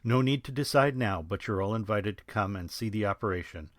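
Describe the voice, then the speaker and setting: Man putting on gruff sergeant, blunt, joking, low voice, dry sound. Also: brisk, no room sound, natural voice. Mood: gruff commanding. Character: gruff older male army sergeant, commanding, wisecracking.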